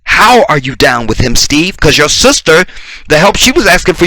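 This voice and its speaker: A man's voice: a little high, big pitch swings, normal speed, pushed and bright, dry recording. A man giving a combative, profane reaction commentary full of rhetorical questions.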